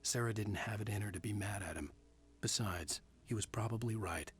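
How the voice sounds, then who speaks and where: A man reading as a hushed, brooding novelist narrator. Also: fairly low pitch, a little fast, soft background music, natural voice. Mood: somber. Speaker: game narrator. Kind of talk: scripted narration.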